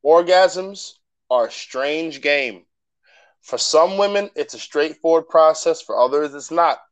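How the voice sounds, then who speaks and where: Young guy podcast cohost, kinda high voice, jokey and sweary, laughs a lot. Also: unhurried, poor audio. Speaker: podcast co-host. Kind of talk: casual chat.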